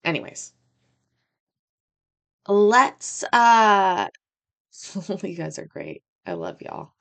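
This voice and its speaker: A woman's voice: medium pitch, huge pitch swings, extremely slow, gravelly. A woman hosting a casual livestream from home, chatty and rambling, with self-deprecating asides. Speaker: host.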